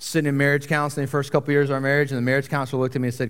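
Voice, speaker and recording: A man's voice: mid-range voice, flat delivery, racing, smooth. A young man preaching a casual, conversational sermon as a pastor, with a joking, self-deprecating manner. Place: church sanctuary. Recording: long reverb of a large church hall.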